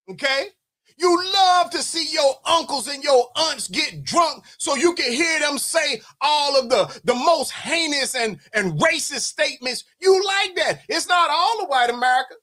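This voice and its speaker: A man giving fiery livestream political commentary, preaching at his audience, often shouting and repeating phrases for emphasis. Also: very high-pitched. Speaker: military veteran streamer.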